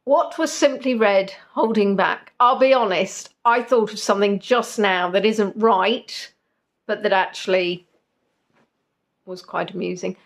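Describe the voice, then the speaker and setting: A woman's voice: medium pitch, unhurried. A woman hosting a live-stream quiz in a casual chat, giggly and jokey with rambling asides. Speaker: quiz host.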